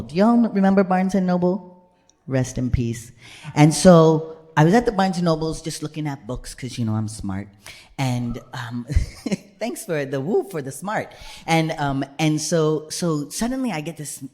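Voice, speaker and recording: A man doing stand-up storytelling on a live stage, animated, dropping from loud punchlines to hushed asides and checking in with the crowd. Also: on the high side. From United States. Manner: chatty, keeps checking in with the crowd. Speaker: comedian and solo performer. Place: live stage before an audience.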